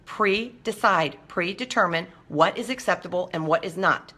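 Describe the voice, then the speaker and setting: A woman hosts a casual talk segment, addressing her audience directly. Her voice is bright and forward. She talks animatedly, slipping into quick mimicked voices to make her point. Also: fairly low pitch. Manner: animated, acts out quoted voices. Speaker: talk show host. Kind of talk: casual monologue to viewers.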